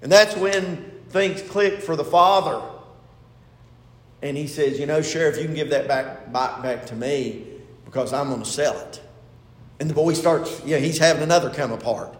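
A pastor preaching a sermon, retelling a story with quoted lines and building to emphatic points. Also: male voice, a little high, moderate pace, reverberant, big-room sound.

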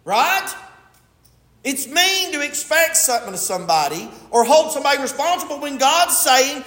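Male pastor, high animated delivery, echoey church room, emphatic sermon. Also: moderate pace. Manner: emphatic, swings from loud stresses to quiet asides. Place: church sanctuary. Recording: echoey hall with long reverb.

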